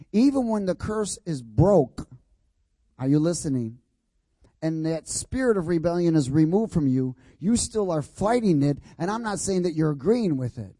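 A pastor with a slightly high, dark-toned voice preaches a sermon in an emphatic, repetitive cadence, getting the congregation to repeat his words and asking whether everyone has got it. There is no room sound.

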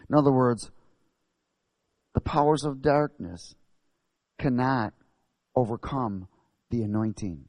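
A man's voice: medium pitch, takes it slowly, pauses often, dry recording. Emphatic male preacher, dry close sound. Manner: emphatic, call-and-response questions, rising to loud bursts. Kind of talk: sermon.

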